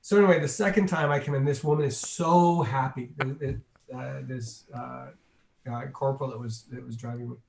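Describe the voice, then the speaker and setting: A man, a guest in an interview, telling a long behind-the-scenes anecdote with lively energy and acting out the voices of the people in it. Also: mid-range voice, fairly quick, creaky, slight background noise. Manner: animated, acts out the people in his story. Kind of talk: anecdotal storytelling. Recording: roomy echo.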